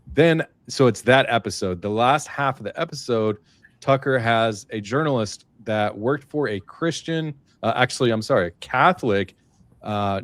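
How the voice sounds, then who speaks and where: A man co-hosting a casual political talk, earnest and halting, often restarting his sentences. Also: medium pitch, no room sound.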